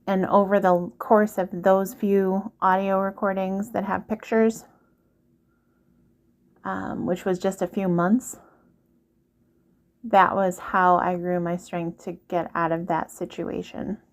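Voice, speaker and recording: A woman with a medium-pitched, level voice speaks slowly. As a vlogger sharing relationship advice, she delivers a casual, earnest monologue aimed directly at the listener and keeps repeating her points.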